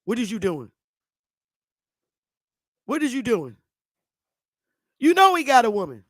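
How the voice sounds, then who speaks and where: A woman's voice: medium pitch, sing-song, slow, a little mellow, slightly rough, dry recording, studio quality, full character voice. A woman voicing another woman who scolds a rival for chasing a man who already has a partner. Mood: scolding.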